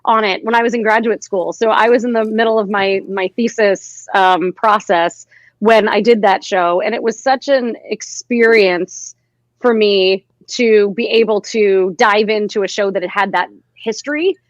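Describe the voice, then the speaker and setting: A woman's voice: mid-range voice, moderate pace, no room sound. A woman co-hosting a casual chat, talking in an enthusiastic, reflective way. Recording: dry, dull lo-fi sound.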